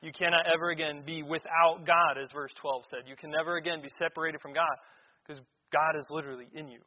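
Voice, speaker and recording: A man with a fairly high voice preaches a sermon, reading verses and then driving points home with repeated words. His voice rings through a church hall with a long reverb. The sound is dull and lo-fi. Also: steady tone, fast talker. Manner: reads scripture aloud then explains it, emphatic repetitions.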